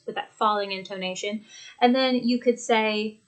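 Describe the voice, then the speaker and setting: A woman teaching an English lesson from a home desk, speaking clearly and deliberately as she demonstrates intonation. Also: mid-range voice, steady tone, rough recording. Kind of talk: recorded lesson. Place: home office with a computer.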